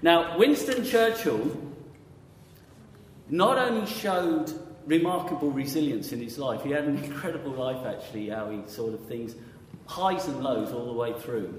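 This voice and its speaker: A man's voice: mid-range voice, animated, normal speed, hardly any pauses, a little hiss or hum. A man preaching a conversational sermon, often quizzing his audience with questions. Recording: echoey hall with long reverb.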